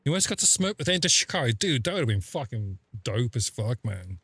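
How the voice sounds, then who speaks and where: A man's voice: medium pitch, very animated, fairly quick, fairly bright tone, breathy edge, dry recording. A man chatting casually on a game stream, telling rambling, sweary stories full of fillers. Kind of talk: casual live-stream chat.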